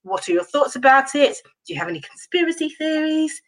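Animated woman, higher voice. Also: vocal fry, poor audio. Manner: animated, exclaiming, fast restarts. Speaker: podcast co-host. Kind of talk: casual group chat.

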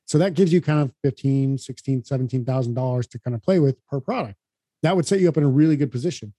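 A male podcast co-host gives brisk, upbeat advice at a quick clip. His voice is mellow and a little high. The recording is dry and close. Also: no echo. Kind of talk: casual explanatory podcast talk.

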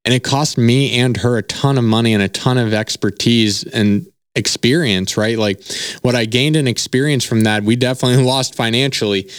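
A man's voice: medium pitch, moderate pace, clean tone, dry recording, clean studio sound. A man hosting a solo podcast, telling a personal story in a casual, candid way, swearing freely and often asking "right?". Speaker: podcast host.

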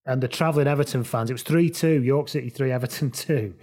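A man hosting a casual football podcast, telling lively, jokey anecdotes. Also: medium pitch, fast talker. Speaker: podcast host.

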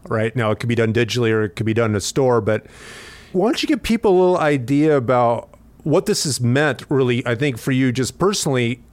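A man's voice: mid-range voice, expressive, a little fast, no room sound. A man hosting an interview podcast, speaking in a casual, encouraging way with lots of fillers. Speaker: podcast host and company executive. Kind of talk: conversational interview.

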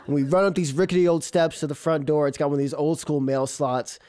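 Animated male comedian telling a story. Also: a little high, fast. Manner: animated, laughing through the telling, mimics a cat's meows. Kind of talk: live storytelling.

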